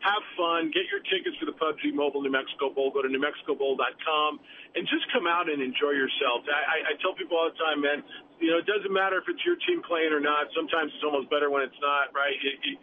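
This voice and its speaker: Chatty man on a phone line. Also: fairly high pitch. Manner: chatty, repeats words as he restarts. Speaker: bowl game executive director. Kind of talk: call-in radio interview. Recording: tinny phone line with faint noise.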